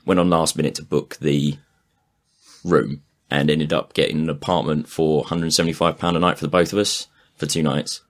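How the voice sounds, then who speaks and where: A man's voice: very deep voice, little pitch movement, fairly quick. A man chatting casually on a podcast, rambling and swearing, laughing often. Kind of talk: casual chat.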